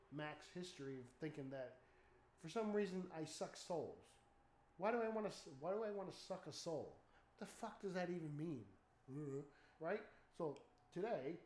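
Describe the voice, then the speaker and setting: A man chatting casually at home as a streamer, telling stories animatedly with loud startled outbursts and swearing. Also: on the high side, normal speed, slight background noise. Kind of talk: casual chat. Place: home room. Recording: echoey room.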